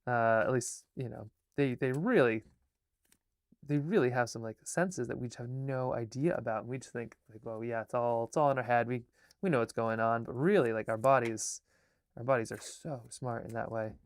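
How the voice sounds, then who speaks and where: A man, an artist and filmmaker, chatting casually in a vlog, halting and restarting his sentences and often dropping to a murmur. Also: mid-range voice. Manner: halting, with many restarts and fillers.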